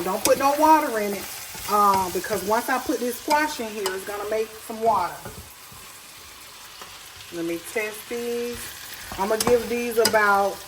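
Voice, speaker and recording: In her own kitchen, a woman talks straight to her audience in a homey, plainspoken manner as she cooks, giving an easygoing tutorial. Her pitch is medium. The recording picks up background noise, including the soft sizzle of a pan.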